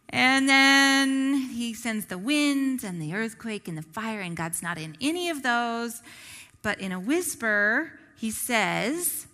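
Her voice is a little high, bright and forceful, moving slowly with lively intonation through a large hall. The woman delivers a conversational sermon on the Bible, asking the audience rhetorical questions and often adding "right?".

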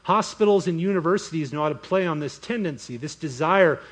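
A pastor delivers a sermon from the pulpit in a somewhat high, breathy-edged voice. He keeps things lively, slipping quick voiced asides and mock inner monologues in between his points.

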